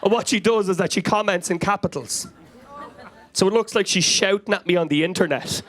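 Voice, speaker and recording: High-voiced Irish man doing stand-up. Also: brisk, a bit bright. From Ireland. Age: 30s. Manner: frenetic, anecdotal, crowd-working. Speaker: stand-up comedian. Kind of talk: stand-up comedy set. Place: comedy club stage before a live audience.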